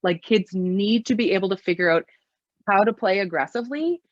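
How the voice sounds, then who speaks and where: A woman's voice: mid-range voice, brisk, no echo, muffled recording. A middle-aged woman talking casually about parenting, full of fillers and acting out the phrases she quotes. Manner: chatty, lots of "like" and fillers, acts out quoted phrases. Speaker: parenting speaker. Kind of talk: casual talk.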